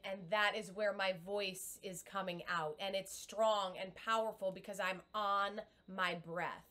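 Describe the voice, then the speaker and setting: A woman's voice: medium pitch, steady tone, unhurried, few pauses, sharp tone. Middle-aged woman, coach leading a live webcam lesson, upbeat and encouraging. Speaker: communication coach.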